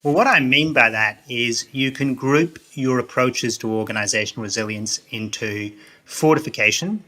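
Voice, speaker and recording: Bright-voiced man consultant, emphatic. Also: medium pitch, normal speed. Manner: emphatic, repeats key phrases. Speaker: business consultant. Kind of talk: explanatory interview answers.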